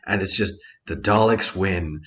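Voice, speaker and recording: A low-voiced man guesting on a podcast, speaking in eager, quick bursts and cursing freely. His delivery is loose and excited. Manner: enthusiastic, swears casually, talks in quick bursts. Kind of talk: casual chat.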